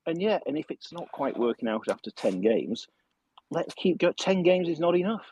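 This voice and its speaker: A man's voice: fairly high pitch, very animated, moderate pace, a little mellow, husky, highs cut off. A man calling in to a football phone-in, making an earnest, indignant case. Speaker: caller. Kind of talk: phone-in call.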